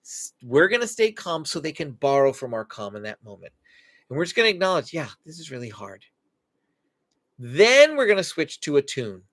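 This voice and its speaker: A man's voice: on the high side, brisk. A man hosting a live stream as a Christian parenting coach, teaching earnestly and acting out what parents and children say. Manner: animated, acts out quoted parent and child lines; earnest, instructive.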